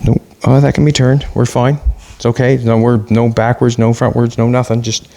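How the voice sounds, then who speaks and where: Speaking in a creaky, mellow mid-range voice with a level tone and moderate pace, a middle-aged car builder hosts a casual workshop vlog. He's chatty and talks to himself while working.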